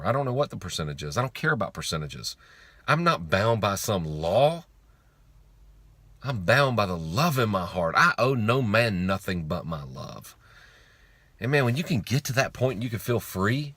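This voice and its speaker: A man's voice: fairly low pitch, fairly bright tone, no room sound. A man giving a blunt, emphatic motivational talk on faith and money, repeating lines for effect and swearing casually. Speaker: online speaker on faith and money. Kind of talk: informal motivational monologue.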